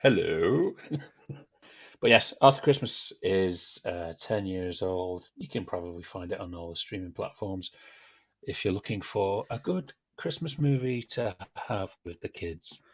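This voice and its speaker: A man's voice: low voice, expressive, unhurried. A British man hosting a podcast in casual chat, laughing often and going on grumbling rants. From Britain. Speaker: podcast host.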